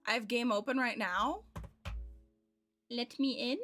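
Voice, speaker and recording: Giggly American woman streamer in her twenties, slightly high voice, soft game music underneath. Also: a little slow. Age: 20s. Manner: chatty, giggly, thinks aloud. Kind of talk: casual chat while playing a game.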